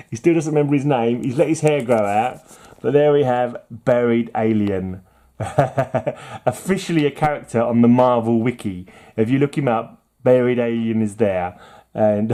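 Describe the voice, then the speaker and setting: A man's voice: mid-range voice, warm tone. A man casually chatting about comic books on his channel, rambling and jokey with frequent giggles. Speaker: comic book collector vlogger. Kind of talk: casual chat.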